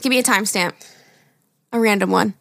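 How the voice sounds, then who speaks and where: A woman's voice: mid-range voice, a little fast, creaky. A woman in her twenties co-hosting a podcast in casual chat, laughing and filling her talk with "like". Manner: laughing, filler-heavy chatter. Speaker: podcast co-host.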